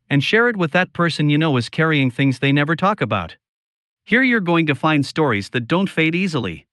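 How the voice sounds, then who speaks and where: Slow, solemn male storyteller. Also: fairly high pitch, fairly bright tone, no room sound, studio quality. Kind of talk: scripted first-person story narration.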